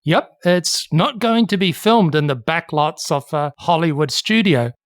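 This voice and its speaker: A podcast co-host tells history in a steady, explanatory way. The voice sits at a middling pitch. It is recorded close and dry, with no room echo. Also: measured pace. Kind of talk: casual history podcast chat.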